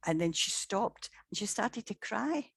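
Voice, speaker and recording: A woman's voice: medium pitch, animated, a little slow, vocal fry, breathy edge, no echo. A woman, a paranormal investigator, telling case stories in a chatty way, often repeating words and acting out what people said. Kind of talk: anecdotal storytelling in conversation.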